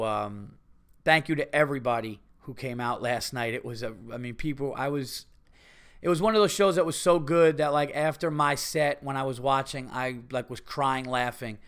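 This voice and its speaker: A man's voice: medium pitch, fairly bright tone. A man hosting a solo comedy podcast, ranting with heavy profanity about things that annoy him. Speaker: podcast host. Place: home.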